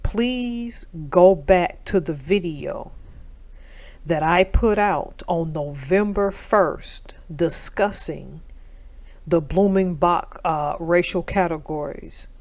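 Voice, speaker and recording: A woman's voice: on the low side, a little mellow. Slightly breathless woman reading aloud. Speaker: channel host reading a book aloud. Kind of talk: casual commentary, then book reading.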